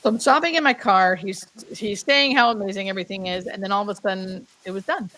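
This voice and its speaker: A woman's voice: medium pitch, fast talker, fairly bright tone, low-quality recording. A woman in her thirties, a hospice nurse guest, telling a personal story in a heartfelt way, full of "like" fillers and dropping to a whisper now and then. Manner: heartfelt, many "like" fillers, drops to a whisper when quoting. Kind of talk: emotional storytelling.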